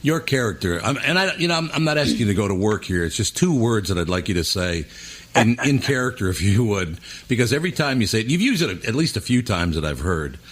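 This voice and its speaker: A man's voice: fairly low pitch, big pitch swings, quick pace. A middle-aged man hosting a podcast, chatting casually with rambling asides and friendly teasing. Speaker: podcast host. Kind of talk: casual interview chat.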